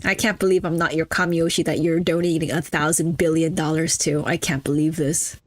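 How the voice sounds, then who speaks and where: A woman's voice: low-pitched, little pitch movement, fairly quick. A young adult woman streaming a game, chatting casually and teasing her chat with mock-snobby banter. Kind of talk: casual live-stream chatter while gaming.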